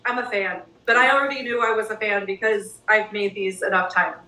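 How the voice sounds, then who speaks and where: A woman's voice: mid-range voice, a little fast, sharp tone. A woman co-hosting a cooking show, chatting casually and gushing enthusiastically about the food she is tasting. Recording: echoey room, mic at a distance.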